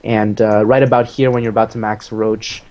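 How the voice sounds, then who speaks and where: A man casually explaining his own strategy game match as he plays it, relaxed, with many fillers. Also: fairly low pitch, moderate pace, lo-fi sound.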